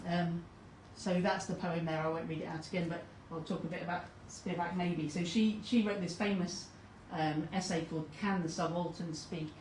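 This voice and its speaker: A woman's voice: lowish voice, fairly even intonation, normal speed, few pauses, darkish tone, slight background noise. A woman giving a talk, hesitant and full of ums, reading out quotes as she goes. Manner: hesitant, many ums, reads quotes aloud. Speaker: conference speaker. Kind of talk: presentation talk. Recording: roomy hall recording from a distance.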